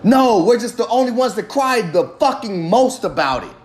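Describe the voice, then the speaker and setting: A man's voice: sits high, sing-song, normal speed. A man delivering an impassioned, heavily profane monologue, ranting with emphatic force. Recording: roomy echo.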